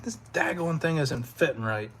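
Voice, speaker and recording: A man's voice: fairly high pitch, animated, moderate pace, fairly bright tone, slight background noise. A man hosting a casual live stream, laid-back and laughing often as he talks with his chat, his throat sore from hours of talking.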